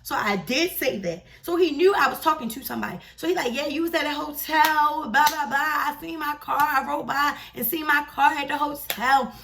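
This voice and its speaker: A young woman vlogger telling a story in a casual, chatty, slangy and animated way. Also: high-pitched, fairly quick, creaky, few pauses, recorded from a distance, a little hiss or hum.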